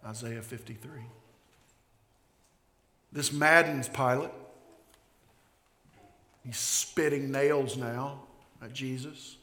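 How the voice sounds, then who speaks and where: A man preaching a sermon, emphatic, dropping to a hush and then building loud again. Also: mid-range voice, fairly even intonation, slow, long pauses. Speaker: pastor. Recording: echoey hall.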